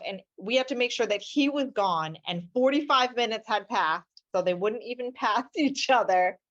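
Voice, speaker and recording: Woman lawyer guest, fairly high voice, lively storyteller, muffled lo-fi recording. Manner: animated, acts out quotes with shifting voices. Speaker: family law attorney, guest.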